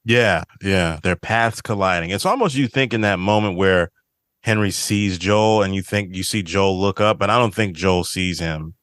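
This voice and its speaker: Male podcast host, very deep and smooth, relaxed scene-by-scene retelling. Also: moderate pace, no room sound, studio quality. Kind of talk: casual chat recapping a TV episode.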